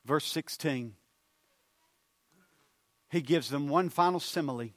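A man preaching a sermon, moving from hushed storytelling to loud, fervent appeals. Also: a little high, takes it slowly, no echo.

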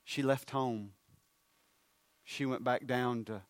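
A man preaching a sermon, moving from hushed storytelling to loud, fervent appeals. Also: medium pitch, steady tone, slow pace, long pauses, no room sound.

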